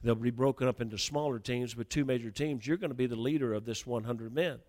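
Speaking quickly in a medium pitch, a middle-aged preacher recounts a personal story during his sermon. His delivery is full of stammers and false starts, rising from a hushed opening to passionate intensity.

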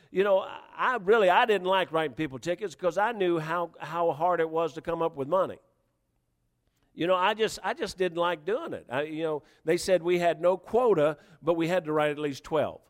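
A man preaching a sermon, animated and emphatic, with frequent repetitions and rising questions. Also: high-pitched, normal speed, in a large hall. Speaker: pastor.

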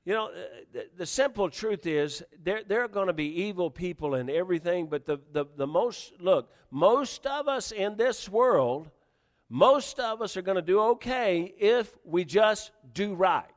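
A man preaching a sermon, animated and emphatic, with frequent repetitions and rising questions. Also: high-pitched, measured pace, in a large hall. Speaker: pastor.

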